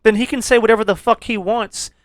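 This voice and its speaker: A man's voice: high-pitched, fairly even intonation, quick pace, no room sound, clean studio sound. A man co-hosting a casual movie review podcast, swearing freely and laughing often. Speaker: podcast co-host.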